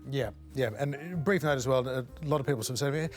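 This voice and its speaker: An Australian man co-hosting a news analysis show, explaining things in a measured way and putting questions to a guest. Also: medium pitch, soft background music. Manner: measured, explanatory, frequent affirming murmurs. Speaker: co-host and interviewer. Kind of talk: current affairs panel and interview.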